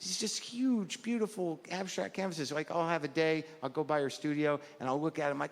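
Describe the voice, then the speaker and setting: A man's voice: on the high side, brisk, hardly any pauses. A male stand-up comedian on a club stage, talking in a rambling, profane, conversational way. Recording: reverberant live club with crowd noise. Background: audience laughter.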